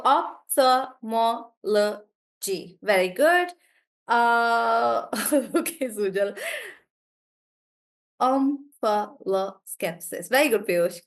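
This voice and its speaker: A woman's voice: fairly high pitch, animated, slow pace. A young woman teaching an online class, thinking aloud as she checks words and encourages students. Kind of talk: live online class, coaching students on syllables.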